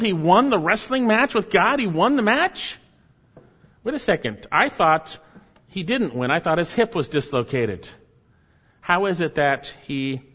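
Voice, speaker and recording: Guy preaching, asks questions and repeats himself, swings loud and soft, big echoey hall. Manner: repeats key phrases, rhetorical questions, rises and drops sharply in pitch and volume. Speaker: pastor. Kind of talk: sermon. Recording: dull sound in a hall with long echo.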